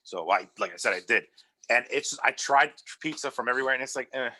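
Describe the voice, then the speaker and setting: Podcast guest from New Jersey, male, bright forceful voice, loose rambling delivery. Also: mid-range voice, animated, quick pace. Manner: rambling, repeats "like I said", swears casually. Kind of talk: casual chat.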